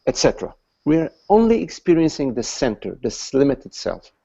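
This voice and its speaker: A man leading a satsang, explaining patiently and haltingly to a questioner, with many restarts. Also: medium pitch, very animated, vocal fry, dark tone, breathy edge, muffled recording. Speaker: satsang teacher. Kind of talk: spiritual dialogue with a questioner.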